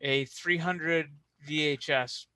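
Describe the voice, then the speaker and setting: A man co-hosting a casual chat show, eagerly pitching ideas. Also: fairly even intonation, slow, bright, forceful tone, clear, resonant tone, no echo. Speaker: co-host.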